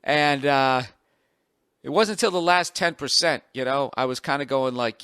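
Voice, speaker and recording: A man in his forties with a Boston accent, telling a profane, exasperated story with sudden loud outbursts on his podcast. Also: medium pitch, moderate pace, clear, resonant tone, dry recording, studio quality. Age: 40s. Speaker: podcast host. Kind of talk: ranting comic monologue.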